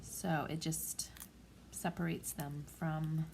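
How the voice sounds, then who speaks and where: Woman in her forties, craft tutorial, gentle and calm, slightly low voice, faint room hum. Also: slow, gravelly. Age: 40s. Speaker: craft vlogger.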